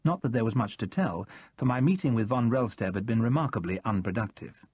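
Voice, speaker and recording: A man narrating a first-person thriller audiobook in a steady, measured way, read close to the mic. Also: mid-range voice, breathy edge, dry recording.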